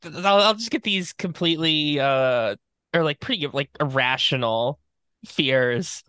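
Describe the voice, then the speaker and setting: Bright-voiced laughing man co-host. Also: fairly high pitch, unhurried, clear, resonant tone, no room sound. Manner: laughs often, loose and rambling. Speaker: podcast co-host. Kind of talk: casual chat.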